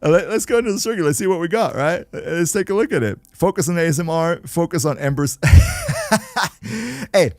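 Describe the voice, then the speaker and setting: A man chatting casually while streaming a game, playful and quick to laugh, often stumbling and restarting his sentences. His voice is mid-pitched but moves a lot. The sound is dry and close with no room around it. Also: lively intonation, a little mellow, no room sound. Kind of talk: casual livestream chat.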